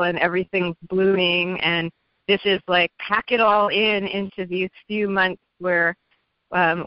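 Casual female radio caller, relaxed and talky, dry muffled line. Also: mid-range voice, dry recording. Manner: casual, chatty, laughs. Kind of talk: call-in radio talk. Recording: dry, dull lo-fi sound.

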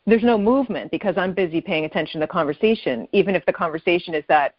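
A woman caller muses her way through her thoughts, with a rather low voice and many small fillers. The sound is dull and lo-fi. It is also dry, with no room around it. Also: dry recording. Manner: musing, many fillers, quick laughs. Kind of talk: casual reflective chat.

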